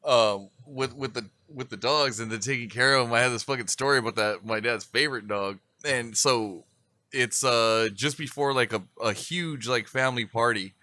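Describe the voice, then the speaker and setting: A man on a podcast with a bright, forceful voice, rambling through a story full of swearing and laughter. The sound is dry and close, with no room around it. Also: medium pitch, moderate pace, no room sound. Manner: profane, rambling storyteller who laughs often. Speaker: podcast co-host. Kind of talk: casual chat.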